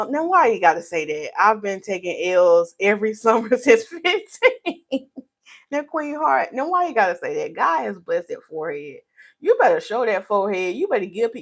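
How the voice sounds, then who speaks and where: A playful woman from North Carolina, USA, hosts a hairstylist live stream, answering chat questions in a mid-range voice. She teases and reads viewer comments aloud.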